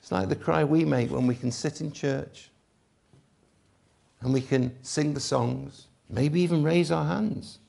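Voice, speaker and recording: Gravelly preacher, emphatic. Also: male voice, fairly high pitch, unhurried. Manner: emphatic preaching, swings between loud and hushed. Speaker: pastor. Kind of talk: Easter sermon.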